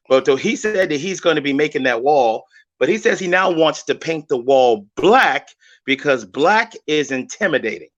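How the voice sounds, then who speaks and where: Bright-voiced man hosting a radio comedy show. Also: medium pitch, muffled recording. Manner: upbeat announcing.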